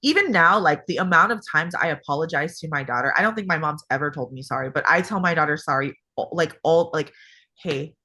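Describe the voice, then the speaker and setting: Bright, rambling woman from Hawaii. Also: sits low, quick pace, few pauses. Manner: rambling, lots of "like" fillers. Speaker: guest. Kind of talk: casual podcast chat.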